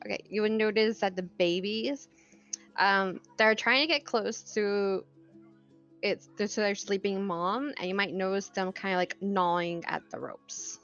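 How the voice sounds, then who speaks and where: A woman's voice: mid-range voice, steady tone, measured pace, fairly bright tone. A woman running a tabletop game as game master, narrating with plenty of hesitations and fillers. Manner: hesitant, lots of "um" and "like". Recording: lo-fi with faint background music.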